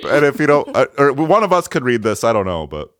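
A man hosting a podcast in a casual, comedic chat, playful and quick to laugh. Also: mid-range voice, fairly bright tone, dry recording, studio quality. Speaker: podcast host. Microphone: remote call.

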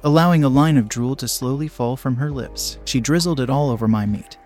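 A man reading a first-person story aloud in a steady, measured storytelling voice. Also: mid-range voice, faint music behind. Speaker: narrator.

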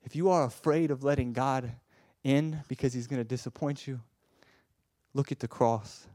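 This preacher, a man with a medium-pitched voice, gives a heartfelt sermon at a normal speed. He sinks almost to a whisper before climbing into loud, insistent pleas, tripping over repeated words when emotion takes hold. The audio is dry and close, without any room echo.

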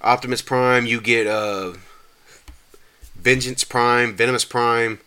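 A man with a drawl rants casually as a podcast host, in a voice of middling pitch. He rambles, trips over his own restarts and loops back to his point. When something irks him his voice climbs and turns animated. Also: slow, smooth. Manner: rambling, restarts often, gets animated and higher when exasperated. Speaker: podcast host reviewing a movie. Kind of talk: casual rant.

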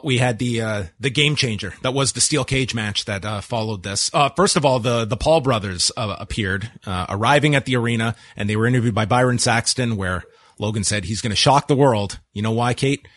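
A man giving a wry, casual recap of a wrestling show, with frequent "uh" pauses. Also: lowish voice, fairly bright tone. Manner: dry, wry recap with hesitations.

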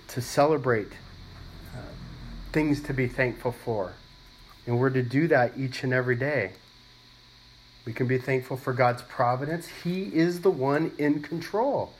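A man preaching a sermon, his voice rising and falling in a lively way as he reads scripture with strong emphasis. He talks in a loose, thinking-aloud manner, often repeating words. A faint hiss sits under the recording. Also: mid-range voice, poor audio. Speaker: pastor.

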